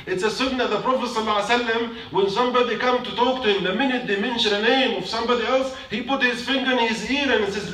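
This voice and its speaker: A man's voice: very high-pitched, quick pace, bright, forceful tone, a little hiss or hum. A man giving a short sermon in a mosque, emphatic, repeating his points and putting questions to the congregation. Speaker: mosque speaker. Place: mosque prayer hall. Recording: echoey hall from a distance.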